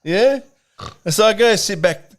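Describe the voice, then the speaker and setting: A man with an Australian accent telling a pub story in casual chat, blunt and swearing, with lots of animated storytelling. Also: high voice, measured pace. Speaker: podcast co-host.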